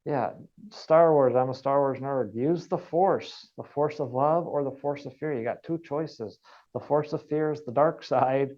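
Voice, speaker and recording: A man's voice: mid-range voice, steady tone, normal speed, darkish tone, muffled recording. A man giving an online wellness training, earnest and repeating key points for emphasis. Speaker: wellness coach.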